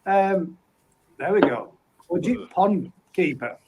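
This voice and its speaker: A man hosts a casual live stream, reading viewer comments aloud one after another. His voice sits fairly high for a man, and his manner is easygoing and friendly as he greets people by name. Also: lively intonation, slow pace, noisy background. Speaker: livestream host.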